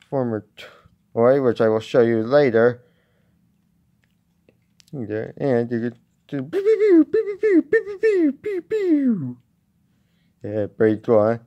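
A man casually reviewing a toy at home, talking in a halting way with many restarts. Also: mid-range voice, dull audio. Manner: halting, with frequent restarts and fillers.

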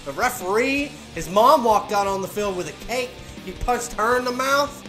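Excitable chatty man reacting, echoey room. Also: high voice, normal speed. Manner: excitable, chatty, laughs often. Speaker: reaction video host. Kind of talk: casual reaction commentary. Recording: echoey room with faint music.

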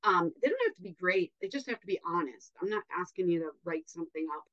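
A woman's voice: on the low side, very animated, quick pace, sharp tone, dull audio. A woman with a Wisconsin accent hosting a podcast, chatty and upbeat, with many fillers. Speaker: podcast host. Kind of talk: casual podcast intro.

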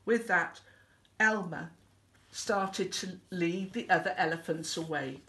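A woman teacher reading a picture book aloud in a slow, expressive storytelling way. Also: lowish voice, roomy sound, recorded from a distance.

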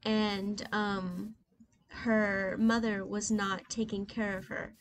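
Recorded at low quality, a woman in her twenties hosts a gaming channel, rambling casually as she plays and filling gaps with fillers. Her mid-range voice takes things slowly, mixing quiet reflection with loud, excited outbursts, and keyboard and mouse sounds are clear.

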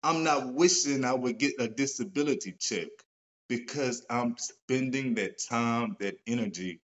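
A man talking straight to his viewers in a loose, animated way, cursing casually and getting louder when excited. His voice sits in a middle range, and the live-stream audio comes through a little dull and lo-fi. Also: medium pitch, a little slow. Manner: animated, swears casually, gets excited and loud. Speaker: author and host of a live stream. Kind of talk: casual motivational talk. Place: at home, seated in a wheelchair.

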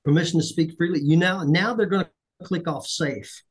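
Husky middle-aged man telling a story. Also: a little high, moderate pace, low-quality recording. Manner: animated, acts out dialogue, self-deprecating. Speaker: podcast host. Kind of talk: conversational storytelling.

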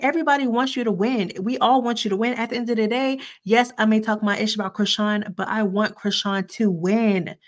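A woman in her twenties hosting casual pop-culture gossip commentary, blunt and sassy with slangy asides. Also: on the high side. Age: 20s.

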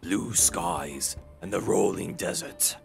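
A man voicing a brooding male warrior on a quest for a legendary sword, in a lowered, solemn voice. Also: takes it slowly, vocal fry, faint music behind, heavily acted. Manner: low, solemn game-dialogue delivery.

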